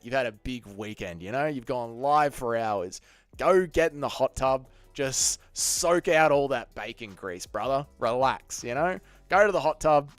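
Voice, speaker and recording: Profane Australian streamer, smooth dry voice. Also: male voice, mid-range voice, dry recording. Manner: profane, joking banter with chat. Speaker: live-stream host. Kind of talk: casual live-stream chat.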